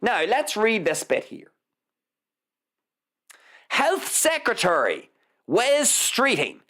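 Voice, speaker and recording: A woman's voice: fairly high pitch, wildly swooping pitch, slow pace, long pauses, a bit bright. A woman hosting a live news commentary show, reading articles aloud with sarcastic, mocking asides and free swearing. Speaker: show host.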